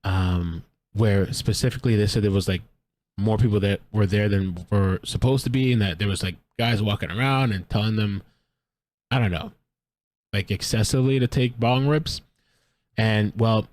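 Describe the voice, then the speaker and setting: A man's voice: fairly low pitch, normal speed, darkish tone. A man on a podcast talking in a laid-back, filler-heavy way and reading a statement aloud.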